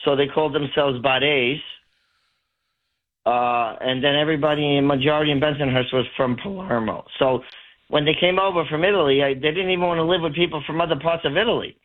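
A man's voice: fairly high pitch, fairly quick. Chatty Brooklyn man on a tinny phone line. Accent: New York. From Brooklyn, New York. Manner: chatty, rambling storyteller. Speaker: caller. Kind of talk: casual call-in chat.

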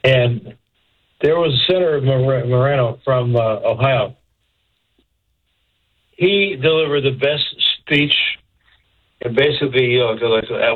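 A man calling in to a radio show, halting and tearful, speaking with many fillers. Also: medium pitch. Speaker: caller. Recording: muffled phone line.

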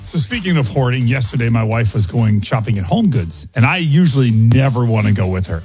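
A male radio co-host with a mid-pitched voice, telling a dry, deadpan story. Faint music plays underneath. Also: a little fast, hardly any pauses. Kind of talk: morning radio banter.

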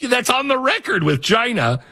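A husky man hosts a casual talk show, pitch leaping up and down as he mocks what he reads. He laughs at his own jokes and riffs loosely between reading out stories. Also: big pitch swings, moderate pace, sharp tone. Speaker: show host.

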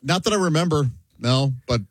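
A man's voice: a little high, animated, a little fast, breathy edge, no room sound, studio quality. A male radio host chatting candidly and self-deprecatingly with callers and co-hosts. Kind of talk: casual studio banter.

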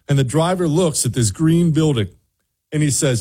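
A man hosting a show, telling a lively anecdote in casual chat and acting out the people in it. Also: a little high, moderate pace, breathy edge. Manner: animated anecdote telling, voices other people in quotes. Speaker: radio show host.

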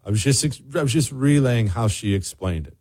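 Husky-voiced man telling a story. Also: medium pitch, brisk. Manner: animated, mimics others in raised voices. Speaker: radio show host. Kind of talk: casual storytelling chat.

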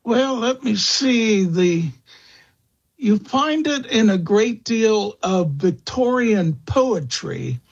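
A man speaking as a guest expert in an interview, slow and halting, with many fillers and restarts. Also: high voice, expressive, highs cut off. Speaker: guest expert on vampire lore. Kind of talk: interview answers.

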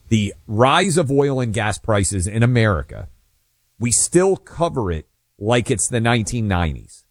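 A man's voice: medium pitch, no echo, studio quality. A man co-hosting a political talk radio show, giving his views assertively and speaking straight to listeners. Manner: opinionated, assertive, addresses listeners directly.

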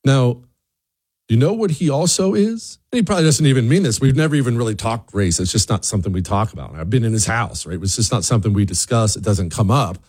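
Male commentator with a lively swooping delivery and a mid-pitched voice. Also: breathy edge, no echo, studio quality. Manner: animated, rhetorical questions, repeats words. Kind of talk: opinion monologue.

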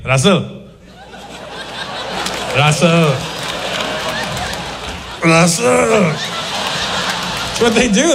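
Guy doing standup on stage, mimics people, voice kinda high, crowd room hum behind. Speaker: stand-up comedian. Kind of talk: live stand-up routine. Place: live comedy venue. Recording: long hall reverb, clear ambient noise.

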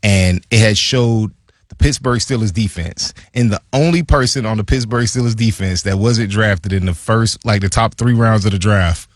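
A man, a former football player, chatting casually about his career as a podcast co-host, acting out quotes in a higher voice. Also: normal speed, dry recording, studio quality. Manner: animated storyteller, acts out quotes in a higher voice. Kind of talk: casual sports chat.

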